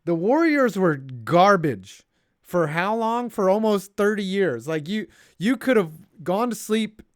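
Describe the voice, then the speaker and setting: A man's voice: high voice, a little slow, dry recording, clean studio sound. A man co-hosting a sports livestream, reading donations and joking in casual chat with frequent swearing. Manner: animated, jokey, swearing, puts on voices reading messages. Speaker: stream co-host reading donations.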